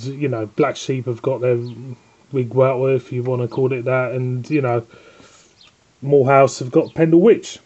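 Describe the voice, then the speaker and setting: Chatty Northern English man, mellow voice. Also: medium pitch, dull audio. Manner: chatty, rambling, scolds his dog between lines. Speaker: beer reviewer and host. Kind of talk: casual home review chat.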